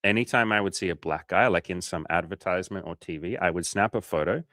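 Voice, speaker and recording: A low-voiced Australian man talks loosely through a coaching livestream. His speech is casual and full of swearing, and he slips into short acted-out scenes. The sound is close and dry. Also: quick pace, bright, forceful tone, dry recording. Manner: casual, swears often, acts out little scenes. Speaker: dating coach.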